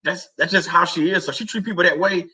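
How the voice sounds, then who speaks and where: A man's voice: sits high, fast, pushed and bright, low-quality recording. A middle-aged man hosting a casual faith talk stream, rambling and conversational with many fillers and restarts. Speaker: livestream host.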